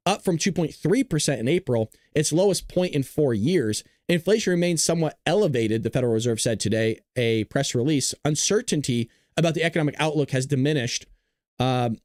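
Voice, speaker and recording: A man's voice: on the high side, a little fast, a little mellow, no echo. A man from Southern California with a Southern Californian accent hosting a livestream, joking and rambling on a close mic. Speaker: host. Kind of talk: livestream commentary.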